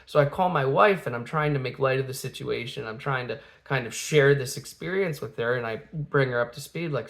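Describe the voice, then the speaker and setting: A man's voice: mid-range voice, brisk, few pauses, fairly bright tone. A man in his thirties, a father telling a family story in a casual, rambling way, full of fillers and restarts, acting out the quotes.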